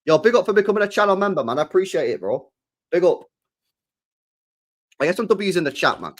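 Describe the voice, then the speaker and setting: A man's voice: sits high, very animated, a little fast. A young man streaming live, reading chat and answering in a slangy, laid-back way, repeating himself and swearing freely.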